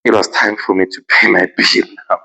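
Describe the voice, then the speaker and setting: A man with a South African accent, hosting a podcast and telling a story in a casual, expressive way. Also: lowish voice, a little fast, vocal fry, dull audio. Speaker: podcast host.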